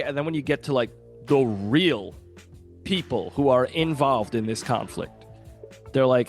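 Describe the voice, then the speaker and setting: Man, medium pitch, playful podcast guest, acts out movie lines. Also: lively intonation, normal speed, pauses often, faint music behind. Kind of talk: casual movie discussion.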